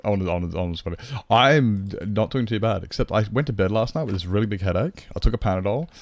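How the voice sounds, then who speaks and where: A man's voice: lowish voice, animated, quick pace. A man streaming a game, chatting casually and rambling, swearing freely, into a desk microphone. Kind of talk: casual live-stream chat.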